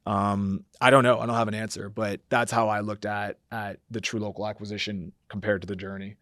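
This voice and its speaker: Here a man with a lowish, slightly bright voice speaks fairly quickly in a level tone, recorded at studio quality without echo. He's a company founder guesting on a podcast, thinking aloud at length in a reflective interview, with lots of fillers and acted-out versions of his own thoughts.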